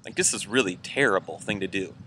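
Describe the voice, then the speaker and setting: A man's voice: low voice, fast, pushed and bright, slight background noise. A man pastor giving an informal weekend sermon, casual and conversational with many fillers. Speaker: church pastor.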